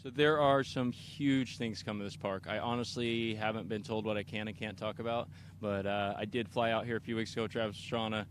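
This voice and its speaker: A middle-aged man from Kansas talks about his racing in a casual interview, eager and rambling, often restarting his sentences. His voice sits on the low side, and faint vehicle noise hums behind him at the outdoor race park. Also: fairly even intonation, brisk. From Kansas, USA. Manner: enthusiastic, rambling, many restarts. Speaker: off-road racer being interviewed.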